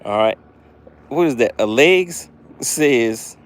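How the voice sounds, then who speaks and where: Male live-stream fishing host, hyped and chatty with viewers, very expressive intonation. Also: mid-range voice, moderate pace. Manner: excited, talks directly to chat viewers.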